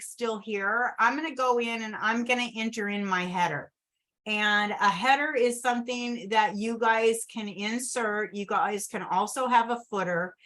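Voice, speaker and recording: A woman's voice: mid-range voice, sharp tone. A woman teaching a screen-share tutorial at her desktop computer. She talks in a chatty way, keeps calling her viewers "you guys" and checks in with "okay?". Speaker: travel agent trainer.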